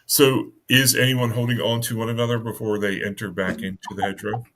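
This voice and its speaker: Low-voiced man running a tabletop game. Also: flat delivery, noisy background. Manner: halting, many fillers and restarts. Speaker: game master.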